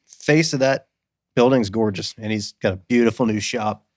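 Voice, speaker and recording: A man's voice: on the low side, normal speed, dry recording, studio quality. A man co-hosting a casual podcast, wry and teasing, swearing freely as he chats. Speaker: podcast co-host.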